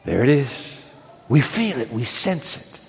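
A man preaching a sermon as pastor, telling stories dramatically and dropping to soft, emphatic asides. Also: mid-range voice, very animated, measured pace, vocal fry, husky, in a large hall.

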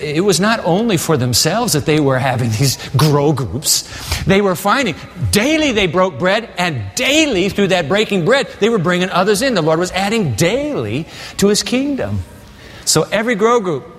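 Energetic pastor preaching in a big hall. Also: male voice. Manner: energetic, exhorting, rising to high excited peaks. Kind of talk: sermon. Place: large church sanctuary. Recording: long reverb of a large hall.

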